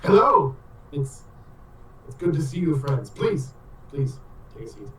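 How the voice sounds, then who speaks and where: A man's voice: a little high, very animated, a little slow, a bit bright. A man doing a fussy, formal adventurer with a lifted voice. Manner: formal and fussy, repeats reassurances. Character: polite, flustered grown male adventurer. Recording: roomy echo, mic at a distance.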